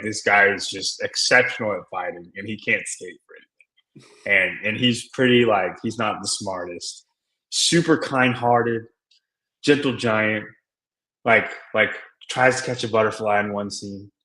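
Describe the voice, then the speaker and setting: A man's voice: lowish voice, bright, forceful tone, echoey room, low-quality recording. A man co-hosting a podcast, chatting casually and rambling with lots of filler words. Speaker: podcast co-host. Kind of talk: casual chat.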